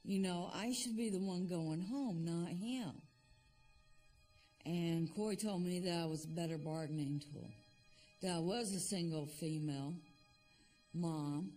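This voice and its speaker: Slow, steady woman recounting an ordeal. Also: fairly low pitch, faint music behind. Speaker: former prison officer recounting an ordeal. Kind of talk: documentary interview testimony.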